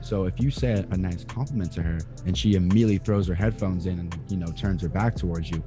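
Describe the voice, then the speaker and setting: A man's voice: sits low, quick pace. A man confidently explaining dating advice step by step. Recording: voice over background music.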